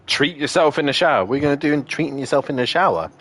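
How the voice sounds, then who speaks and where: A young man streams a racing game while chatting casually with friends, swearing constantly and ranting in exasperation. His voice is a little high, fairly bright, animated, and rapid-fire.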